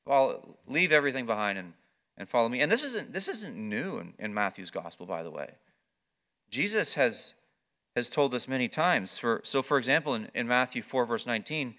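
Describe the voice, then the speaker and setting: Bright-voiced man preaching a sermon. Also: medium pitch. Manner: earnest preaching with frequent word repeats; swings between quiet explaining and raised emphatic passages. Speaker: pastor. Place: church or campus ministry gathering.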